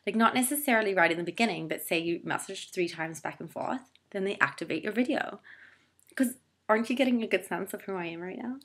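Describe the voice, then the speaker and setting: A woman's voice: mid-range voice, fast talker, a bit bright, husky. A young woman vlogging casually to camera, chatty and full of filler words, poking fun at herself. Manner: chatty, filler-heavy, self-deprecating. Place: Toronto.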